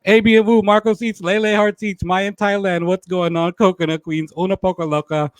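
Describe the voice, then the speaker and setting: Male stream host, playful and chatty, fairly high voice, dry webcam sound. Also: level tone, a little fast, clear, resonant tone, no echo. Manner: playful, laughs often, says y'all a lot. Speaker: talk show host. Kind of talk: live stream chat with shout-outs.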